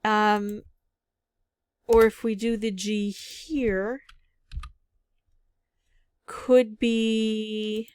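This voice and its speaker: Woman, unhurried solo gameplay commentary, muses through guesses, dry booth sound. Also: medium pitch, little pitch movement, darkish tone, clean tone, no room sound. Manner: musing aloud, thinking through guesses. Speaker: word game player.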